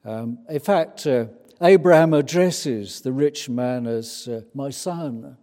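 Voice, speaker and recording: Slow, mellow British preacher man. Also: mid-range voice. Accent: British English. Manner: unhurried, chatty, with many hesitant fillers. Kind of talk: sermon. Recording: long reverb of a large hall.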